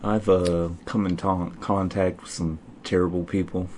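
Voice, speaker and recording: A man chatting casually, dropping dry, deadpan jokes. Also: sits low, moderate pace. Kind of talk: casual chat. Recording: faint background noise.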